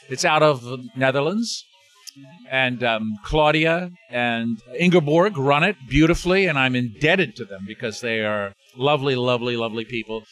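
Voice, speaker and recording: Bright-voiced older man rambling. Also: mid-range voice. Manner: rambling, many restarts and fillers. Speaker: interview guest, actor. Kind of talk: casual interview chat.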